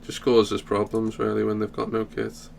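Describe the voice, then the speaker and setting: A man's voice: on the low side, completely flat delivery, moderate pace, vocal fry, darkish tone, slight background noise. A young man making laid-back remarks in casual chat. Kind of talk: casual chat while gaming.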